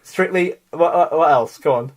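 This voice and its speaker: A man's voice: on the high side, moderate pace. A young man co-hosting a podcast in casual, teasing chat, often laughing. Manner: playful, teasing, prone to laughing. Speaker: podcast co-host.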